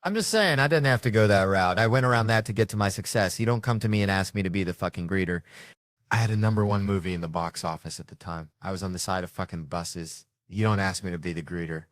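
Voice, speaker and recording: A man's voice: sits low, fast talker, no room sound, studio quality. A man doing stand-up, telling a profane story and acting out the people in it. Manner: animated, profane, acts out characters. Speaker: stand-up comedian.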